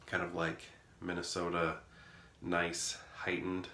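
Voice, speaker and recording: A man rambles through a casual vlog. His deep voice has a gravelly fry and a bright edge. He is recorded in an echoey indoor room with faint noise behind him. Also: monotone, slow pace. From rural Midwest of the US. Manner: rambling, musing, self-correcting. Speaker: vlogger.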